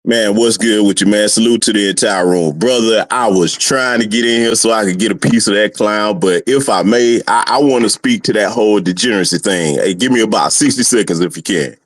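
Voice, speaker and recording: Male caller on a stream, lecturing slow and steady. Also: on the low side. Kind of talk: casual lecturing rant.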